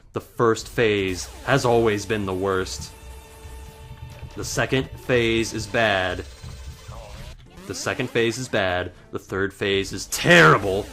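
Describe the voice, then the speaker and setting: Male gamer, lowish voice, unhurried delivery, panicky self-talk that turns to reassurance, faint game music behind. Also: sharp tone. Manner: frantic self-talk, swinging between panic and self-soothing. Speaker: let's player. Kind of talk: let's play commentary.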